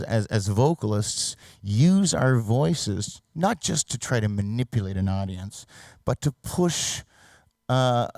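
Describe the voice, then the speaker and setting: A middle-aged man from Canada, a singer giving a reflective stage talk, now and then singing or shouting a line to demonstrate. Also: on the low side, no room sound, studio quality.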